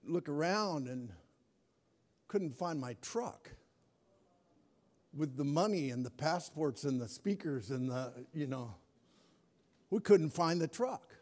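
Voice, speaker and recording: A middle-aged male pastor preaching from a stage, his voice sitting a little high for a man. He tells his story in an animated, storytelling way. His words ring out with a long reverb across a big church hall. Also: slow, pauses often. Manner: storytelling, animated, acts out his own panic. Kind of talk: sermon.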